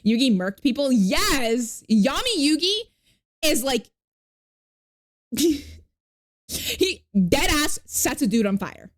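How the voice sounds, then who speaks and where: This high-pitched woman streamer is very animated yet slow, leaving long pauses as she chats casually with her viewers. Her rambling is packed with fillers and swearing, and she stops to thank new followers. She is not from New York.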